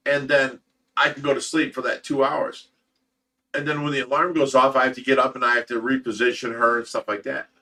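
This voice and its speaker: A man's voice: medium pitch, pushed and bright, recorded from a distance. A man hosting a casual livestream, talking in an emotional, rambling way with repeated words and swearing. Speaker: host of a fish rescue livestream.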